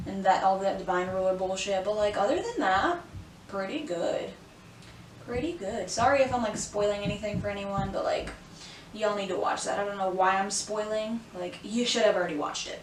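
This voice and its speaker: A woman's voice: medium pitch, reverberant, far from the mic, a little hiss or hum, rough recording. A young woman in her twenties from South Florida chats casually through a makeup tutorial, rambling with lots of "like" and "y'all.". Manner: chatty, rambling, peppered with "like" and "y'all". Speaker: beauty vlogger. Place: home room, indoors. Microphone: camera mic at a short distance.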